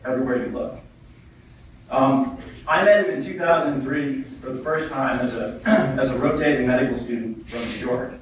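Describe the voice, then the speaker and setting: A man's voice: mid-range voice, a little hiss or hum. A man in his forties, a physician speaking at a memorial tribute, tells humorous stories with lots of "you know" fillers. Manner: chatty, filler-heavy storytelling with humor. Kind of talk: memorial tribute talk with anecdotes. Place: lecture hall. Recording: echoey hall, distant mic, dull livestream audio.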